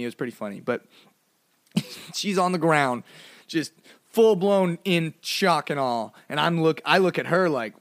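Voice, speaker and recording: A man's voice: brisk, no room sound, studio quality. A man hosting a podcast, casually telling a funny childhood story, full of "like" and playful asides. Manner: animated, swings between low mumbles and high exclamations; lots of "like" fillers, playful. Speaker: podcast host.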